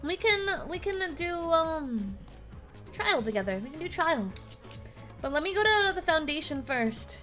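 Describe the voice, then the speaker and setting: High, bright woman streamer: excitable, squealy, a bit foul-mouthed, game music under her. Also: a little slow. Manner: excitable, squealing, swears when shocked. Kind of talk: casual live-stream chatter while playing.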